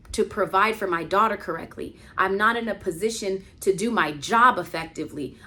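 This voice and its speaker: A woman vlogger telling a personal story in a casual, animated way, full of "like" fillers, swinging between hushed and exclaiming. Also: mid-range voice. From United States.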